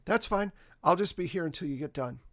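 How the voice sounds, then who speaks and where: A man's voice: fairly high pitch, lively intonation, fairly quick, a bit bright, voice pushed up. A man playing an agitated, paranoid husband. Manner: anxious, insistent, swears.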